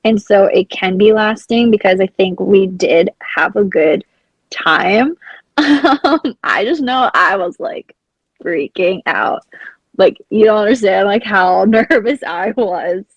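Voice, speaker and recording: A young adult woman telling a story as a podcast guest, rambling and excitable, with "like" filling nearly every phrase. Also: medium pitch, slow pace, dry recording, rough recording. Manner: excitable, acts out her own past panic. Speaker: blind hockey program founder, guest. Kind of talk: casual storytelling in an interview.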